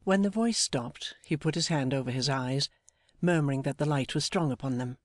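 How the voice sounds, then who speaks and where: A man narrating a classic novel as an audiobook, in a measured, earnest storytelling manner. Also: mid-range voice, no room sound, clean studio sound.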